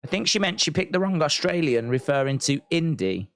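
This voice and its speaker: Stream host, male, animated pitch swings, dry close mic, rambling chat. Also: a little fast, dry recording. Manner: rambling, thinking aloud, reads chat comments. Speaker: wrestling watch-along host. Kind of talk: live-stream reaction chat.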